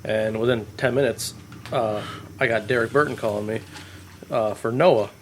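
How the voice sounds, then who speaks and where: A man's voice: mid-range voice, moderate pace, a little hiss or hum. A man co-hosting a casual podcast, telling profane stories and acting out phone calls. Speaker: podcast co-host, race organizer. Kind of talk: casual chat.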